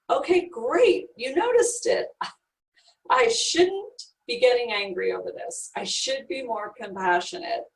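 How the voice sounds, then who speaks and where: Slow, soothing woman guiding a meditation. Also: fairly high pitch, lively intonation, gravelly, far from the mic, poor audio. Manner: soothing, coaching the listener step by step. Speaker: energy healing guide. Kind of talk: guided healing meditation.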